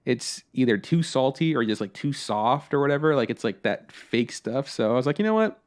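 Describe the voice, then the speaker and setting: A man's voice: mid-range voice, normal speed. A young adult man co-hosting a podcast in casual chat, telling stories animatedly, acting out both sides of conversations and swearing casually. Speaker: podcast co-host.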